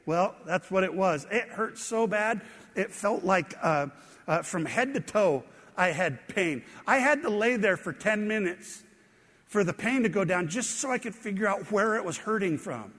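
A man's voice: sits high, animated, normal speed, fairly bright tone, long reverb tail. A man preaching a sermon, telling stories about his own falls with self-deprecating humor. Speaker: pastor.

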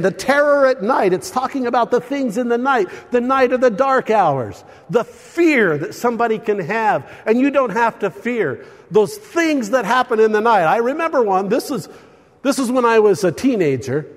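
An older man preaching a sermon, his fairly high voice rising and falling with animated storytelling. He swings from loud bursts to hushed asides, and a long reverb trails through the church hall.

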